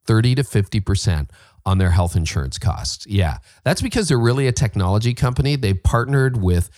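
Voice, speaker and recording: A man's voice: lowish voice, sing-song, fairly quick, a little mellow, no room sound, clean studio sound. A middle-aged Canadian man hosting a leadership podcast, reading ads and interviewing a guest with enthusiastic, conversational energy. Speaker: podcast host. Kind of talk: ad reads and interview.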